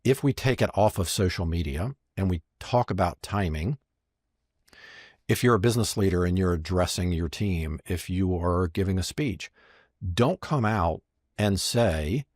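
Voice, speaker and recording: A man's voice: low-pitched, unhurried, dry recording, clean studio sound. A man, a magician and marketing strategist, telling stories as a podcast guest and acting out the lines he quotes. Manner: lively storyteller who acts out quoted lines. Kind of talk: podcast interview storytelling.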